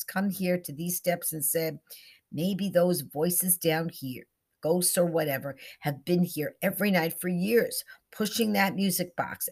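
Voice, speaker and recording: An earnest woman who pleads in hushed, urgent tones, as a woman reader puts her on. Her voice stays low and husky, pressing and insistent. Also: full character voice.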